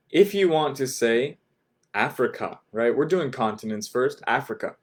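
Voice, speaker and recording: A man leads a language lesson at a deliberately slow pace. He says each new word several times and keeps asking his learners "okay?", speaking in an ordinary mid-range voice. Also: medium pitch, animated. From United States. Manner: repeats words slowly, checks in with "right?" and "okay?". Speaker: language teacher. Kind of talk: slow, patient vocabulary lesson.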